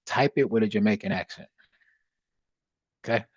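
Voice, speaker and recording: Casual male livestream host, low voice, laid-back and chatty, close dry mic with a slightly dull sound. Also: normal speed, slightly rough, dry recording. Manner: laid-back, chatty, reads chat aloud.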